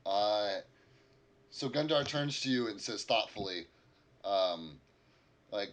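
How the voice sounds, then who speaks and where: A man's voice: on the low side, takes it slowly, pauses often, a bit bright. A man narrating as the game master of a tabletop game in a rambling way, full of fillers.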